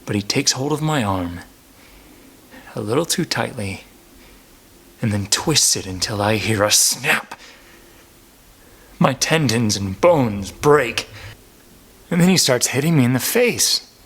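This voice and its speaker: A man playing a struggling working-class henchman and father, talking in halting, stammering bursts in a mock documentary interview. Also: medium pitch, lively intonation, fairly bright tone. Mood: shaken. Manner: halting, stammering, full of restarts.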